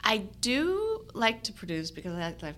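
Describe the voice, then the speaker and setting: A woman's voice: fairly high pitch, normal speed. A woman in her sixties telling stories as an actress guest in a casual interview, laughing often. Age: 60s. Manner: animated storytelling, laughing often.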